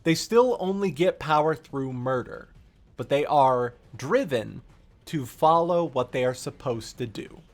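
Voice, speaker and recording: A man streaming a joking, profane recap of a video game's story, in a lively, animated way. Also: medium pitch, a little slow. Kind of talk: comedic game-lore recap.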